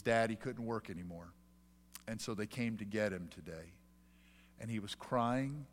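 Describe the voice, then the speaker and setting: A man in his forties preaches from the pulpit with an earnest, questioning manner. His voice sits fairly high and rings bright and forceful. The long reverb of the sanctuary trails after each phrase. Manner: earnest, with many rhetorical questions. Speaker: pastor. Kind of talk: sermon. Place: church sanctuary.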